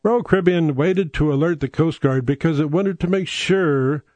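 A man's voice: a little high, moderate pace, a little mellow, dry recording. A man hosting a rambling comic monologue, profane and sardonic, digressing as he talks.

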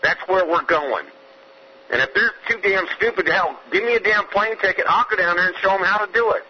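A man's voice: high-pitched, fairly quick, dull audio, slight background noise. A man from Georgia, calling in to a radio show with a fiery, profane, emphatic rant. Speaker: caller. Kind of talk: angry phone-in rant.

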